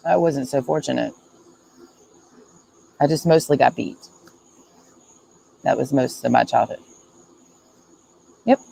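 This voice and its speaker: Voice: mid-range voice, gravelly, darkish tone, rough recording. A streamer talking in a casual livestream monologue, earnest and repetitive, speaking emphatically and confessionally.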